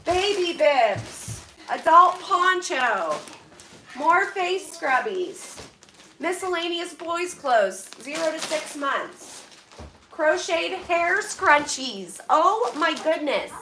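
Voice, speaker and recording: High bright-voiced mom gushing thank yous to viewers, slow talker, kinda far from the mic in an echoey room. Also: female voice, very animated, a little hiss or hum. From Pennsylvania, US. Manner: effusive, emotional, gushing thanks. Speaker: vlogger opening donated boxes. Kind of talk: casual chat to viewers.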